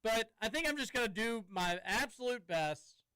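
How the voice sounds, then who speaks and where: A man's voice: high-pitched, lively intonation, moderate pace, pushed and bright, smooth, no echo, low-quality recording. A man hosting a sports talk radio show from a studio, talking casually and rambling with some stammering. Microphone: studio microphone.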